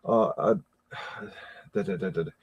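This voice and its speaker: An American man hosting a live stream, chatting casually and reading viewer comments, with a rambling, halting delivery full of repeated words and fillers. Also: low voice, highs cut off. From United States. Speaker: livestream host reading chat.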